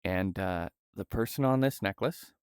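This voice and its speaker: Streamer, young man, low clear voice, slow and halting, soft-spoken, dry close sound. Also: no echo. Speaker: livestreamer. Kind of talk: casual livestream chat. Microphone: VR headset setup.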